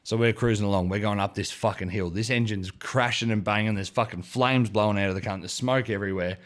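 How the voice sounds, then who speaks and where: A man's voice: on the low side, fairly even intonation, quick pace. A young Australian man co-hosting a podcast, telling a rowdy, rambling story full of swearing. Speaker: podcast co-host. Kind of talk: casual storytelling chat.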